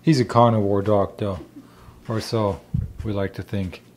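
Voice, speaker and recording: A man's voice: on the low side, steady tone, measured pace, darkish tone, a little hiss or hum. A man with a German accent, chatting casually while tasting and cooking wild plants in his home kitchen. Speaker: homestead vlogger.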